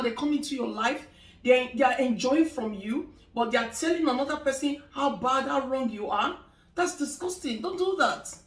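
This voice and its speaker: A woman's voice: a little high, roomy sound, recorded from a distance. A middle-aged woman giving life advice in a casual talk, emphatic and preachy, repeating phrases for stress. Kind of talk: casual motivational talk to camera.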